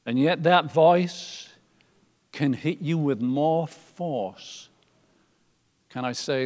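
A man preaching a sermon, moving from loud emphatic lines to soft, almost whispered ones. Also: fairly high pitch, drawn-out words, pauses often, in a large hall.

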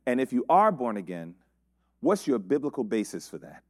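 A man's voice: mid-range voice, very animated, moderate pace, dry recording, studio quality. A man preaching a sermon, building his points through repeated rhetorical questions.

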